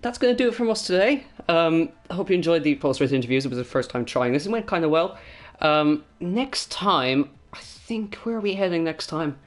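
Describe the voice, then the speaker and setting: Man, esports host, higher pitch, hesitant, ums, dry jokes. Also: animated, a little fast, soft background music. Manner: hesitant, many ums, joking asides. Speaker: host and interviewer. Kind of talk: post-race esports interviews.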